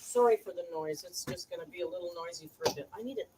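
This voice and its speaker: A woman talks her viewers through a recipe in a relaxed, chatty way and tosses in wry asides. She sits well back from the mic, so her voice sounds distant. Kitchen noise runs clearly underneath. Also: fairly low pitch, quick pace. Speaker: cooking channel host. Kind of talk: casual chatty cooking vlog. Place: home kitchen.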